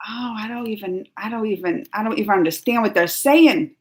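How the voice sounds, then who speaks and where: A woman's voice: medium pitch, fairly quick. A woman hosting a casual live stream, chatting and giggling as she reads viewer comments aloud. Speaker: YouTube reaction host.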